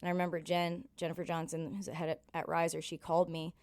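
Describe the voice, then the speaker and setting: A woman's voice: fairly low pitch, fast, dry recording. Candid, salty Canadian woman telling stories. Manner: candid, profane, animated in quoted dialogue. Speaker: country singer, podcast guest. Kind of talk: casual storytelling interview.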